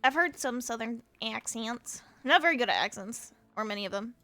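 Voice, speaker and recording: A young American woman VTuber streams a video game, chatting casually and playfully with viewers, teasing chat and laughing often in a chaotic way. Her bright, forceful voice is on the high side, with lively intonation at a moderate pace.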